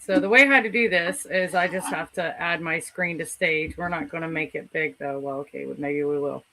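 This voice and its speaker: A woman's voice: deep voice, steady tone, brisk, sharp tone, slight background noise. A woman hosting a live-stream interview, chatting casually while she works the stream controls. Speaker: host.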